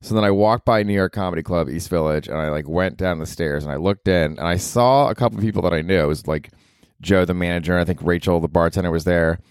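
A male comedian hosting his podcast, rambling casually and profanely, his pitch leaping up for emphasis. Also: fast talker, clear, resonant tone, no room sound, clean studio sound.

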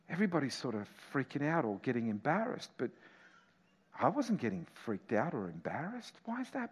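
A man's voice: fairly high pitch, breathy edge, in a large hall. Impassioned male pastor preaching a sermon. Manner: impassioned preaching, swings from loud exhortation to quiet reflection.

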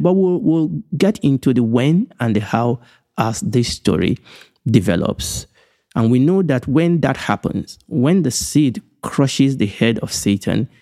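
Emphatic man teaching the Bible, mellow voice. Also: medium pitch. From Nigeria. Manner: measured and emphatic, repeating key phrases, slowing on big points. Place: indoors, recorded for an online broadcast.

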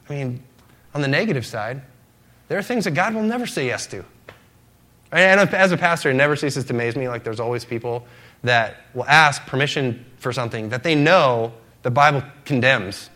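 A man's voice: medium pitch, animated, moderate pace, sharp tone. A middle-aged man preaching as a pastor in a casual, conversational sermon, acting out short quoted exchanges and asking "right?" often. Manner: conversational, acts out quoted voices of his daughters and himself, frequent "right?".

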